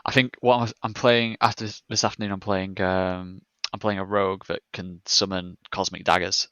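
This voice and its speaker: Low, bright-toned male artist guest. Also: moderate pace, no echo. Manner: self-described one-tone baritone, steady, thoughtful. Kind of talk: casual chat.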